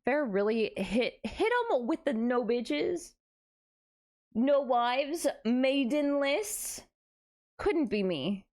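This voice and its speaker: A young woman streams late into the night, worn out but giddy. Her voice sits a touch high, and she reads her viewers' messages aloud and answers them with playful, self-mocking banter. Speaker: VTuber streamer. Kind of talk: casual live-stream chat with viewers.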